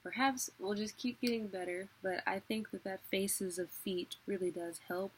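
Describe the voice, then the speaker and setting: A young woman teaching a weekly online class in a relaxed, chatty way, laughing often. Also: medium pitch, moderate pace, a little hiss or hum. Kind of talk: casual spoken lesson.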